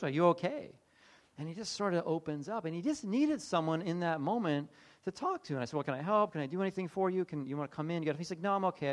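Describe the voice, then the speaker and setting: A middle-aged man preaching in a conversational sermon style, telling personal stories and acting out the dialogue. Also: fairly high pitch. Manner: conversational, animated, acts out dialogue. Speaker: pastor. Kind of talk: sermon storytelling.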